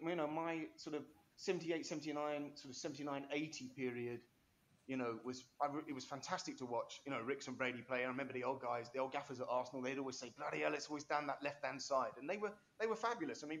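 A man's voice: on the high side, steady tone, fast talker, a little hiss or hum. A man, an interview guest telling rambling, enthusiastic stories full of restarts and asides. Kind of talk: animated storytelling interview.

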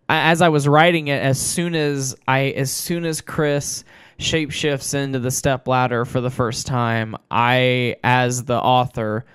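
A man telling a short story he wrote, in plain steady narration, then chatting loosely about it with fillers. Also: medium pitch, clean tone, dry recording, clean studio sound. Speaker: storyteller and author. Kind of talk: reading a dark short story, then casual chat.

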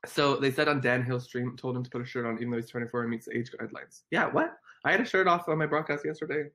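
A man in his twenties casually chatting on a livestream, reading viewer comments, giggly and excitable. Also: medium pitch, quick pace. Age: 20s. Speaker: livestream host.

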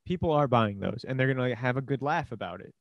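A man's voice: medium pitch, expressive, fast talker, dry recording, muffled recording. A man from Queens co-hosting a podcast, chatting casually and teasing his co-host, getting heated when he defends his team. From Queens, New York. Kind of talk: casual chat.

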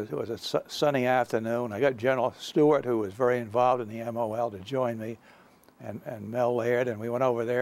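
An older man giving an unscripted lecture about his own experience, halting, with many fillers and restarts. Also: medium pitch, creaky. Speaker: guest lecturer recounting experience.

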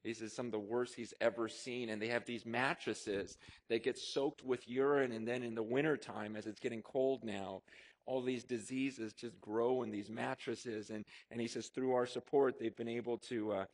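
A man preaching a sermon to his congregation, telling personal stories in an animated, conversational way with frequent asides. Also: medium pitch, normal speed. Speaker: pastor. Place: church auditorium before a congregation.

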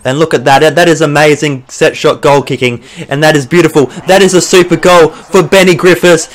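His pitch is fairly high and he talks a little fast as he plays and commentates a football video game. The young Australian YouTuber curses freely, gets excited, and has flashes of frustration during the let's play.

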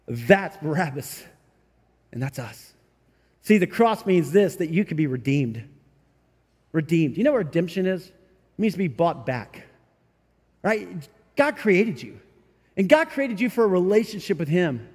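A man with a high voice delivers a sermon from the church stage. He talks to the congregation conversationally, often tagging on "right?" and "you know?", and acts out little scenes in other people's voices. His words ring out with the long reverb of a large hall. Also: lively intonation, moderate pace, darkish tone. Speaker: pastor. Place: church sanctuary.

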